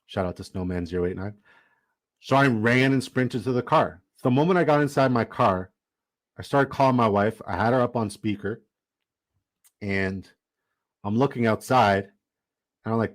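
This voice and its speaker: A young man with a fairly low voice tells a story to his live stream viewers. He rambles casually and animatedly, leaning on "like" as he goes. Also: normal speed. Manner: animated, rambling, heavy use of "like".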